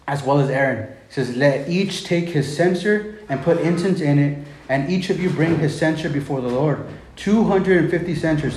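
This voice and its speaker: A man's voice: medium pitch, a little mellow, echoey room, poor audio. A man preaching a sermon, reading Bible verses and paraphrasing them in casual slang. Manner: reads scripture, then retells it in casual slang.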